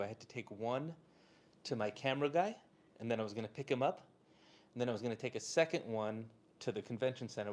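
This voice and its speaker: A man's voice: medium pitch, a little mellow. A man from Southern California, a Torah teacher telling a casual, chatty story to a live audience, full of "like" and "uh".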